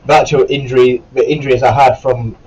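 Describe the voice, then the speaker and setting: Husky and brisk, a man who was once a Marine recruit delivers a casual, wandering story to camera in a flat, medium-pitched, darkish voice. He swears, self-corrects, and coughs from a sore throat. The recording sounds muffled.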